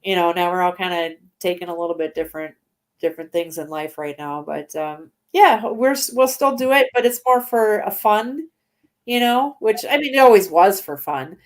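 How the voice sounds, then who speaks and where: A woman's voice: fairly low pitch, expressive, normal speed. A woman in her forties, a guest on an interview show, talking casually with lots of fillers and frequent laughs. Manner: chatty, laughs often, many fillers.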